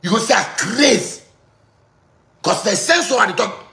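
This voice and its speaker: Ghanaian man ranting with a bright, sharp tone in an echoey room. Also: high-pitched, expressive, unhurried, vocal fry. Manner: ranting, repetitive, bursts of shouting. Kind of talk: heated monologue in pidgin.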